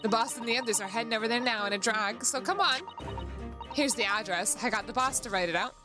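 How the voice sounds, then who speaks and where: A woman's voice: fairly high pitch, fast talker, natural voice. Brief: cheeky blunt young pickpocket, read by a woman streamer, music bed. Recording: background music under the voice.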